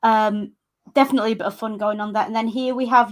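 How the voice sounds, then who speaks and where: A woman's voice: a little high, fairly even intonation, quick pace. Wry, chatty woman co-host. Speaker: podcast co-host. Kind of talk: casual film commentary chat.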